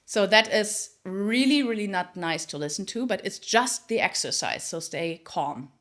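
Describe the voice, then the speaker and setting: A woman vocal coach talks through a singing lesson in a bright, ringing voice. Her pitch moves a lot as she explains. She breaks into loud, high belted phrases to demonstrate. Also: expressive, moderate pace.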